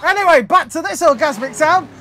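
A gaming host chatting casually and shouting playfully during a racing game. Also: high voice, lively intonation, fairly quick, low-quality recording. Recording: game engine noise in the background. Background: car engine and game sounds.

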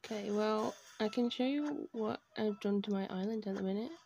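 A woman chatting casually over her gameplay from her bedroom at home, gushing and excitable as she talks. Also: medium pitch, moderate pace, gravelly, soft background music. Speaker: video game streamer.

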